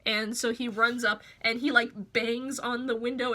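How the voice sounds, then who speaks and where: A man's voice: extremely high pitch, flat delivery, moderate pace, few pauses, sharp tone. A man casually recapping a film plot for a video review, profane and offhand.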